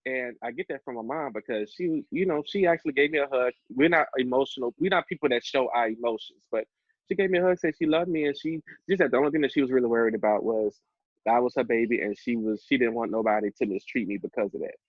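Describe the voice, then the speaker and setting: Young guy podcast host, animated + cussing, muffled dry sound. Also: mid-range voice, fast, no room sound. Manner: animated, profane, laughs through his story. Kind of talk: casual storytelling chat.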